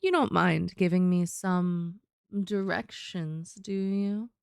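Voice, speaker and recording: A woman voicing her tabletop character, a persuasive, schmoozing woman adventurer who drops into a deep, husky voice. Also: takes it slowly, no room sound, clean studio sound. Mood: coaxing.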